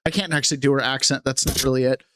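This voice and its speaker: A man's voice: medium pitch, racing, slight background noise. A man hosting a casual political talk podcast, joking and sarcastic as he greets viewers in the chat. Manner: animated, joking, sarcastic, reads chat aloud. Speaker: podcast host.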